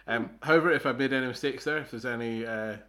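A man's voice: mid-range voice, fast talker, sharp tone. A man co-hosting a podcast, explaining things in a casual, hesitant way with many fillers and restarts. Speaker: podcast co-host. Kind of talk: casual chat.

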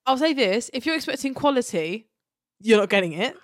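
A woman's voice: on the high side, a little fast, no room sound. Blunt, sweary woman, dry sound. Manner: blunt, sweary, excitable slang. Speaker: podcast co-host. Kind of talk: casual chat.

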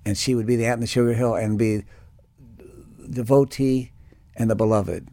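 A man's voice: medium pitch, steady tone, normal speed, mellow, no echo. A man giving a reflective spiritual talk, telling personal stories with many restarts and fillers. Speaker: spiritual teacher.

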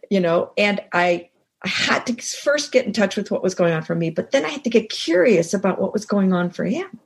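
A woman's voice: mid-range voice, lively intonation, moderate pace, gravelly, breathy edge. An older woman, a podcast guest, telling a personal story in a reflective way and acting out bits of dialogue. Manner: reflective, acts out quoted dialogue. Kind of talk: storytelling in casual chat.

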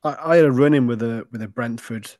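A man's voice: mid-range voice, quick pace, darkish tone, dry recording. A man co-hosting a football podcast, casual and chatty as he tells a story with the odd swear word. His voice sits in a middle range. The sound is close and dry. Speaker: podcast co-host. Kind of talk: casual chat.

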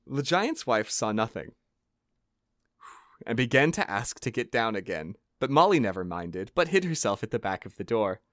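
A man's voice: fairly low pitch, big pitch swings, moderate pace, fairly bright tone, no room sound, clean studio sound. A man co-hosting a comedy podcast, reading an old fairy tale aloud with jokey asides. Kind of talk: comic storytelling podcast.

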